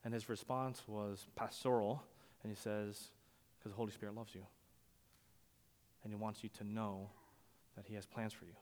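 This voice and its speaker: A man's voice: on the low side, flat delivery, moderate pace, long pauses. Man preaching in a reverberant hall. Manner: conversational storytelling with sudden loud emphasis and quiet drops. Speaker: pastor. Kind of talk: sermon.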